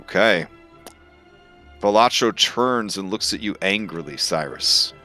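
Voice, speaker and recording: A man narrating as game master of a tabletop game, with a relaxed, hesitant delivery full of fillers. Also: on the low side, a little slow. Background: faint music.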